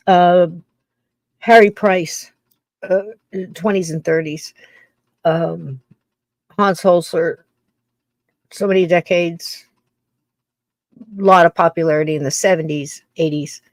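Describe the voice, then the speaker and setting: A woman's voice: lowish voice, fairly even intonation, slow pace, long pauses, no echo. An older woman hosting a podcast, musing in a casual, rambling monologue full of restarts. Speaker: podcast host.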